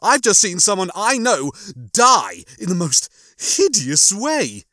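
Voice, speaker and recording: A man's voice: high voice, wildly swooping pitch, slow pace, pushed and bright, no echo, studio quality, voice pushed up, exaggerated voice. A man voicing Rimmer, a smug and prissy male crewmate who gloats in a prim manner.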